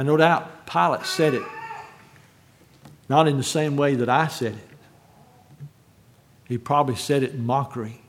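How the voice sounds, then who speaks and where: A man preaching a sermon, rising to loud, fervent repetition and then dropping to quiet, measured reading of scripture. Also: mid-range voice, a little hiss or hum. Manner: builds to shouted quotes, then drops to hushed reading.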